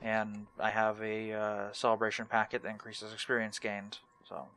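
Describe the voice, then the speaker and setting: A young man hosting a relaxed let's play, talking in a laid-back, rambling and self-mocking way. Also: fairly low pitch, moderate pace, a little hiss or hum. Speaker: gaming channel host.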